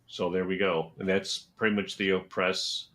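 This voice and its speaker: A middle-aged man speaks in a gruff, dismissive way. His voice sits deep and low. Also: level tone, moderate pace, fairly bright tone. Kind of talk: casual chat.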